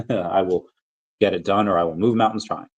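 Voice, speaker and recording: A man with a fairly low voice hosts a casual livestream, reading chat comments aloud. He rambles in a loose, easygoing way, full of fillers and restarts, and now and then slips into silly voices. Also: steady tone, normal speed, husky, muffled recording.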